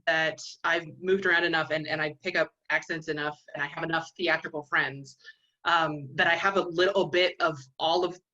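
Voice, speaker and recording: A woman's voice: low voice, steady tone, normal speed, bright, forceful tone. A woman chatting on a video call, speaking with wry, self-deprecating humor. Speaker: fan and soon-to-be minister. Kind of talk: casual chat. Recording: slightly dull video call audio.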